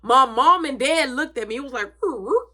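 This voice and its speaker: A woman's voice: sits high, a little fast, bright, forceful tone. A woman telling a story in a casual, dramatic way, swearing freely.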